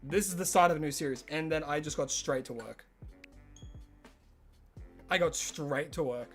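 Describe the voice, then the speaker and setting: Chatty Australian man, high voice. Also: moderate pace, soft background music. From Tasmania, Australia. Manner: rambling, chatty, lots of "like". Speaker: streamer. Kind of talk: casual livestream chat with viewers.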